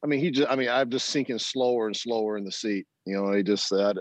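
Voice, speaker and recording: A middle-aged former baseball player, appearing as an interview guest, tells stories animatedly, acting out the voices of people he quotes and laughing often. His voice is fairly low and fairly quick, on a dry, lo-fi recording.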